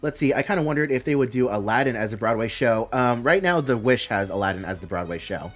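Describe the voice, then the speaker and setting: Man, live stream host, casual rambling reaction, mid pitch, faint music behind. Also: animated, fast, a bit bright. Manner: rambling, thinks aloud with fillers, reads announcements aloud.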